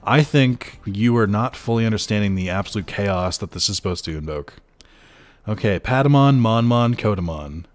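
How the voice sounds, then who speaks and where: A man's voice: fairly low pitch, animated, normal speed. A young man casually chatting with his viewers while streaming a game, joking and rambling with lots of fillers. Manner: chatty, joking, talks to chat, frequent fillers. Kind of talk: casual livestream commentary.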